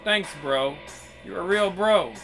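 A man voicing an easygoing young man who calls everyone bro, in a chummy, relaxed way. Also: sits high, slow, creaky, soft background music, exaggerated voice. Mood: grateful.

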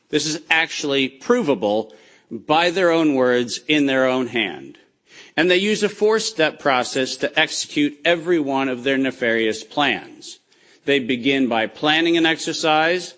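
A man giving an impassioned, accusatory speech with slides, speaking emphatically with deliberate pauses. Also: on the high side, fairly bright tone.

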